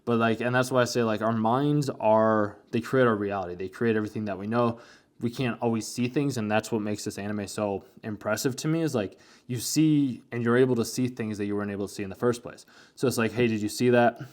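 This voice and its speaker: A man's voice: fairly low pitch, a little fast. A young man giving casual anime commentary, rambling along with lots of "like" fillers.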